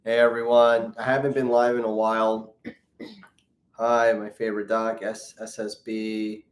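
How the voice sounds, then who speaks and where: A man's voice: fairly low pitch, monotone, unhurried. A man, a plastic surgeon, hosting a casual live Q&A, reading viewer comments aloud and joking as he greets people by name. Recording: roomy echo.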